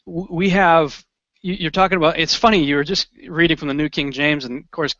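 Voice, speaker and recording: Relaxed chatty man, fairly high voice, co-host reading verses aloud, dry muffled recording. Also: a little fast, no room sound. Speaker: co-host of a Bible study show.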